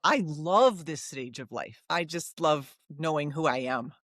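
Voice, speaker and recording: A woman's voice: low voice, expressive, measured pace, fairly bright tone, dry recording, clean studio sound. A middle-aged woman, a psychologist guest, telling her story frankly and emphatically in an interview conversation.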